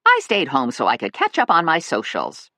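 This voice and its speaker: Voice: medium pitch, wildly swooping pitch, normal speed, pushed and bright, no echo, clean studio sound, exaggerated voice. A narrator voicing a gossipy elderly grandmother in an audiobook, chatty and breezy.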